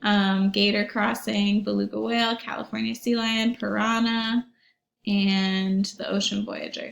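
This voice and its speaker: A woman's voice: medium pitch, level tone, a little slow, vocal fry. A young woman teacher talking her class through a website in a recorded online lesson, chatty and upbeat with lots of ums and little asides to the pupils. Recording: echoey room.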